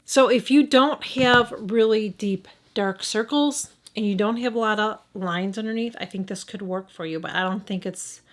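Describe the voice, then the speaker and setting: A beauty vlogger, a middle-aged woman with a Midwestern accent, reviews makeup casually in a mid-range voice at normal speed with few pauses. She is hesitant and thinks aloud, frequently restarting and correcting herself.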